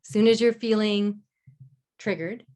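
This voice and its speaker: A woman leads a live online class in a gentle, encouraging way. She drops her voice low and slows down whenever she recites a mantra. Her pitch sits in a middle range. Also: steady tone. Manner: gentle, encouraging, speaks mantras softly and slowly. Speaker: love mentor and masterclass host. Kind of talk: live online masterclass teaching.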